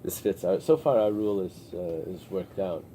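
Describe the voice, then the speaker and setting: A man teaching a Talmud class, pausing and restarting often as he explains the text. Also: low voice, mellow, a little hiss or hum. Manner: explains in halting restarts with many fillers. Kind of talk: early-morning Talmud class. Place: synagogue study room with a small group.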